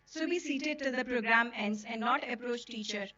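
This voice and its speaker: A woman makes brisk, formal announcements at a school event through a stage microphone. Her voice sits a little high. The audio sounds slightly dull. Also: pushed and bright, soft background music.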